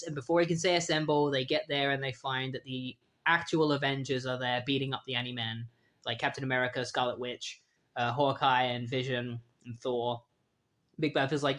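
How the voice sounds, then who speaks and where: A man's voice: mid-range voice, steady tone, moderate pace, a bit bright. A man casually retelling a comic book story in a loose, chatty way, often saying "like".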